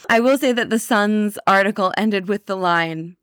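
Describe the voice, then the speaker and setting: A woman's voice: medium pitch, normal speed, a bit bright, clear, resonant tone, no room sound. Woman podcast host, giggly casual chat, dead dry mic. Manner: laughs often, reads headlines aloud.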